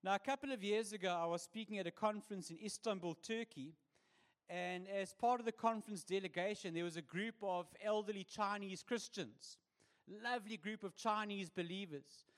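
A man's voice: high-pitched, moderate pace. A man with a South African accent, preaching a sermon in a conversational, humorous way. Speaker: pastor.

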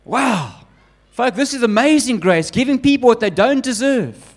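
A man preaching a sermon with emphatic, animated delivery, often building up repeated lists. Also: very high voice, moderate pace. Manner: acts out quoted voices of God and Jonah.

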